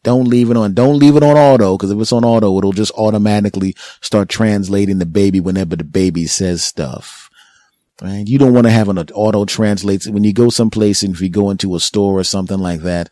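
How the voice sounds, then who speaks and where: Male podcast host, low voice, dry close sound, rambling comic storyteller who slips into voices. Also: dark tone, dry recording. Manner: acts out voices mid-story, loose profane riffing. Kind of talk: comedic monologue.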